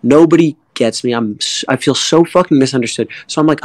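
A young man speaking candidly and emotionally in a community AMA. He tells a personal story in halting bursts, with many fillers and some swearing. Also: medium pitch, dry recording, rough recording. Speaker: guest artist in a community AMA.

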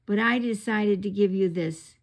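A woman's voice: mid-range voice, moderate pace, lightly acted. A woman reading aloud and voicing Roo, a small, eager young male kangaroo from a storybook.

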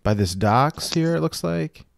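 A man's voice: on the high side, animated, unhurried, creaky, no room sound, clean studio sound. A man co-hosting a podcast, chatting casually and jumping in eagerly. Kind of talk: casual chat.

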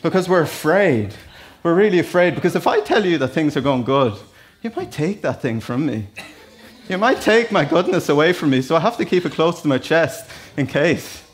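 A man's voice: fairly high pitch, lively intonation, normal speed. An Irish man preaching a sermon in a church, talking to the congregation in a conversational, storytelling way with asides. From Ireland. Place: church hall.

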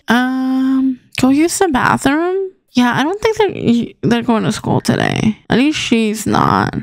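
A chatty young woman narrates her gameplay and coaxes her characters along. Her voice sits a little high and swoops through a lively, animated range. The sound is dry and close, with no room echo. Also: takes it slowly, gravelly. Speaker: gaming channel host. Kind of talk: casual gameplay commentary.

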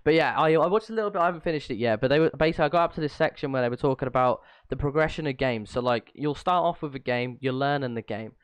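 A man co-hosting a podcast in casual chat, swearing freely and laughing often as he talks in quick bursts. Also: mid-range voice, clean tone, no room sound. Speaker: podcast co-host.

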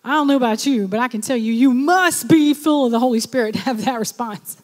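A woman's voice: fairly high pitch, a little fast, long reverb tail. A woman pastor preaching a sermon, exhorting her listeners and urging them on. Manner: exhorting, repeats "come on".

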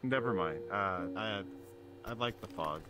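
A man's voice: fairly low pitch, measured pace. A man hosting a casual gaming chat, laid-back and crude with his jokes. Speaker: podcast host playing in virtual reality.

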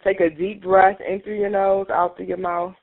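Woman leading a call-in release exercise, pushes hard and gets loud, tinny phone audio. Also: medium pitch, little pitch movement, moderate pace. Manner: emphatic, urging, rising to near shouts. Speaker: workshop leader. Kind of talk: guided emotional release exercise. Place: teleconference call. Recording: tinny conference call line.

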